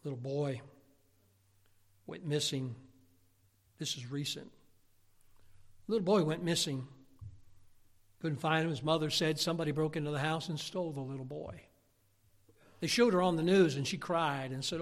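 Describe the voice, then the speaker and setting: A male pastor preaching a sermon, swinging from loud, emphatic lines to hushed ones. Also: on the high side, steady tone, moderate pace, long pauses. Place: church sanctuary. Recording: long reverb of a church hall.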